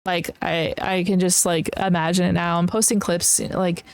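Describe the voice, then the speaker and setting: A woman's voice: on the low side, little pitch movement, moderate pace, smooth, no room sound. A young woman hosting a podcast, telling travel stories in a rambling, casual way, full of "like" and little laughs. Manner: rambling, filler-heavy, with frequent laughs. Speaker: podcast host. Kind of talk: casual solo travel chat.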